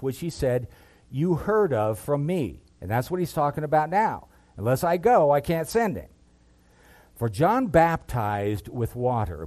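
A man preaching a sermon, reading scripture and building to loud, impassioned peaks before dropping low and quiet. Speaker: pastor.

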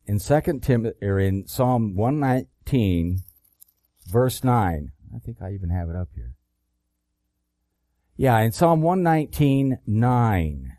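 A man delivering a sermon at an unhurried, measured pace. His voice is mellow and dark, and the sound is dry and close. He reads scripture deliberately, pressing hard on key phrases. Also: lowish voice, expressive, no room sound. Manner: slow, deliberate reading of scripture with emphatic rises. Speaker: preacher.

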